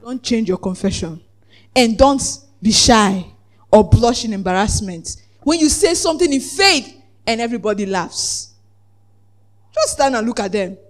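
A preacher giving a lively sermon, acting out the voices in the story, laughing often and asking the congregation whether they follow. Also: medium pitch, unhurried. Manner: asks the congregation "Are we together?".

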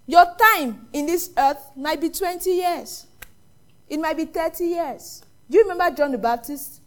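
A Nigerian woman preaching a sermon in a high voice. She tells lively stories and keeps quizzing the congregation with questions. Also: unhurried.

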